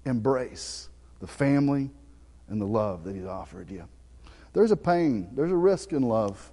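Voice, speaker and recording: A middle-aged man with a Southern US accent preaching a sermon, telling a folksy personal story and swinging from loud preaching to soft, hushed asides. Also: mid-range voice, lively intonation, measured pace, in a large hall. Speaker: pastor. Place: church sanctuary.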